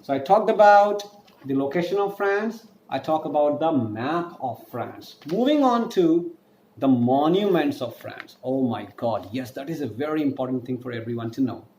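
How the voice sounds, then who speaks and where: A man's voice: mid-range voice, lively intonation, normal speed, a little mellow, a little hiss or hum. A man with an Indian English accent giving a French lesson. He repeats key points and spells words out letter by letter. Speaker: French teacher. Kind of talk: online language lesson. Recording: echoey room.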